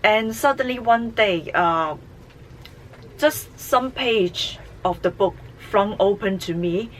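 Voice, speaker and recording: Slow, halting woman reviewing a tarot deck. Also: mid-range voice, animated, slight background noise, poor audio. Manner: halting, many fillers. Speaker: tarot channel host.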